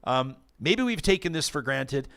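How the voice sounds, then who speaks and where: A man's voice: mid-range voice, lively intonation, measured pace, vocal fry, fairly bright tone, clean tone. A man hosting a casual political talk show, thinking aloud with many restarts and reading out viewer comments.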